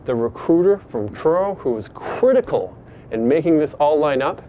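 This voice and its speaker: A man's voice: fairly high pitch, sing-song, moderate pace, warm tone, lo-fi sound, a little hiss or hum. A middle-aged man from Canada earnestly telling a personal story in a casual, reflective way.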